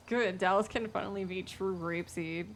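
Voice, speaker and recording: A young woman from the American South chats loosely on her stream, her speech rambling and full of fillers. Her voice sits low with a gravelly fry, and steady background noise runs under the recording. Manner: rambling, lots of fillers and restarts. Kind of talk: casual stream chat.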